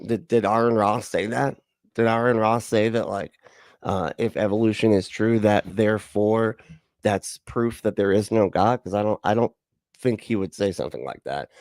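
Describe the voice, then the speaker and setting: Laid-back sarcastic livestream host. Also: male voice, on the low side, a little mellow, dry recording. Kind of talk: casual livestream reaction chat.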